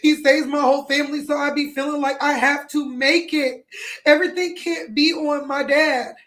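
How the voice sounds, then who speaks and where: A woman's voice: sits high, steady tone, moderate pace, fairly bright tone. A young adult woman talking to viewers on a livestream, tearful and crying, rambling and pleading with many apologies. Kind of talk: emotional livestream talk to viewers.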